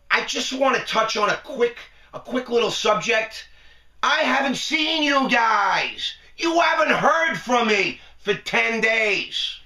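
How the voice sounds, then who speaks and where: A man's voice: high-pitched, gravelly, sharp tone, reverberant, distant mic. A middle-aged man hosting his own show, talking to camera in a boastful, joking way and laughing at his own lines. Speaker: online show host. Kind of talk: casual monologue to camera. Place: television studio.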